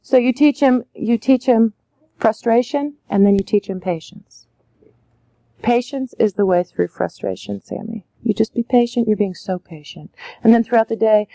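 Brief: woman, slightly high voice, dry close sound, parenting educator who acts out gentle lines to kids. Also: normal speed, creaky, dry recording. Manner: acts out soothing phrases to children. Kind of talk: conversational teaching.

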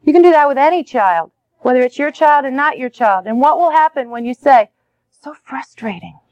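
A woman's voice: high-pitched, expressive, brisk, darkish tone, no room sound, muffled recording. A woman teaching parents how to name children's feelings, often acting out soothing phrases to a child. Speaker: parenting educator. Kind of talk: conversational teaching.

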